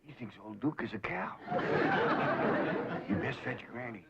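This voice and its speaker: A middle-aged actor with a rural Southern accent playing a calm, plain-spoken hillbilly patriarch with dry folksy remarks, in a 1960s sitcom. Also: male voice, mid-range voice, brisk, a loud crowd, close to an everyday voice. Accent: rural Southern American. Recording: muffled 1960s TV soundtrack with loud hiss.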